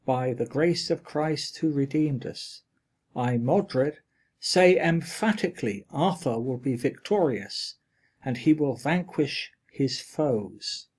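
A man reading a linguistics lecture aloud, with a deliberate, measured delivery of quoted examples and their glosses. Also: mid-range voice, animated, darkish tone, husky.

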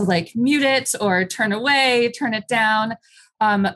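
Candid woman telling her story. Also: mid-range voice. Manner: candid, matter-of-fact, frequent ums. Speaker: interview guest. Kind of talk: personal storytelling.

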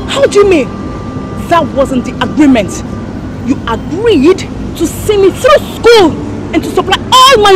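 An actress playing a furious young woman with a Nigerian accent, shouting insults and demands at a former lover in a Nollywood film. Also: extremely high pitch, very noisy, heavily acted. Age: young adult. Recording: film scene with loud crowd and music. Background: street crowd and loud music.

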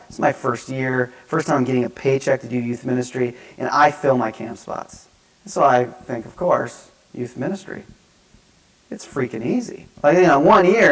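A man giving a lecture, telling stories in an animated, self-mocking way that swings between hushed and loud. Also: medium pitch, rough recording. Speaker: speaker at a divinity school lecture. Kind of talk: storytelling lecture. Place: lecture hall.

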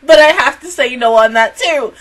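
A woman talks through her reaction to an anime episode, excitable and often swearing. Her voice sits high and swings widely in pitch. Her tone is bright, and laughter and loud outbursts keep breaking in. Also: normal speed, poor audio. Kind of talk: casual reaction review.

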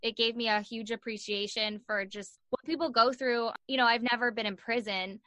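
A young woman telling a story as a podcast guest, animated, acting out the voices of the people in it and saying "like" a lot. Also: fairly high pitch, moderate pace, dry recording. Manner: animated, acts out voices in her stories, says "like" a lot. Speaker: guest, sports journalist and podcaster. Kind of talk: casual storytelling in an interview.

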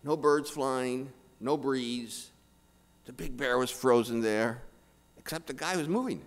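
A man's voice: mid-range voice, unhurried. An older man, a priest, giving a humorous sermon, often repeating words and checking in with "okay?". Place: church. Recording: long church reverb.

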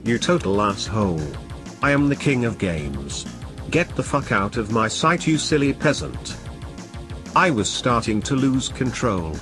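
A man's voice: mid-range voice, lively intonation, unhurried, over music. A man in a scripted comedy sketch, ranting and boasting with constant swearing. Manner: foul-mouthed, ranting, boastful. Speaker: comedic host playing an angry game collector.

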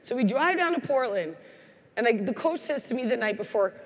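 In a big echoing hall, an energetic Canadian keynote speaker delivers a motivational speech, animating her stories by performing quoted voices. She speaks briskly in a slightly high voice.

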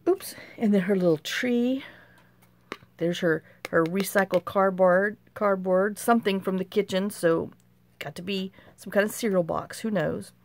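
A woman's voice: medium pitch, measured pace, a little mellow. A middle-aged woman, casually showing off handmade craft mail and exclaiming over each piece as she talks to herself. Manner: chatty, talks to herself while handling items, exclaims often. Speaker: craft channel host.

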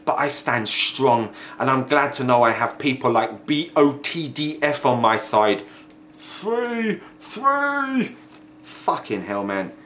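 A man's voice: mid-range voice, a little slow, few pauses, fairly bright tone, a little hiss or hum. A young man ranting angrily in a vlog, sweary and mocking, sounding exasperated. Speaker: video ranter. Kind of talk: angry vlog rant.

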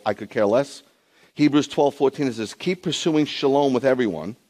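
Man, rabbi, sermon, emphatic, conversational asides, medium pitch. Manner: emphatic preaching, surges high and loud in bursts; conversational asides to viewers at home. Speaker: rabbi preaching.

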